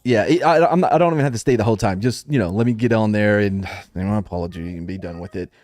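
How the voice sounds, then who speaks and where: A man's voice: fairly low pitch, fast, darkish tone, no echo. Male podcast host, young, jokey and rambling, dry close mic. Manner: joking, rambling, laughs often. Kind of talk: casual chat.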